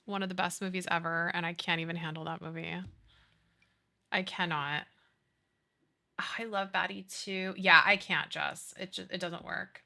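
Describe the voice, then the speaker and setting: Her voice is on the low side, unhurried, with vocal fry and frequent pauses as she plays a life-sim game on stream. In her thirties, she's lively and talkative, reading chat aloud and swapping stories about childhood and films.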